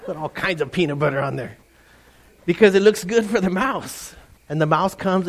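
A middle-aged man preaching a lively sermon to his congregation, animated and playful, often mimicking voices. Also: high-pitched, normal speed. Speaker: pastor.

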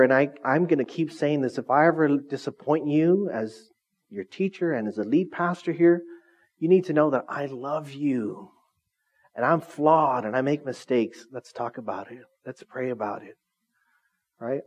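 A man's voice: medium pitch, a little mellow. A middle-aged man preaching a casual sermon as lead pastor of a small church, conversational and self-deprecating, often checking in with the congregation.

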